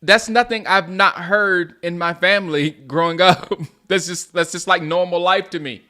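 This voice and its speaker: A man from South Carolina hosting a live game watch-along, reacting loudly to plays and chatting with viewers by name. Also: high voice, fairly even intonation, moderate pace. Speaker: host.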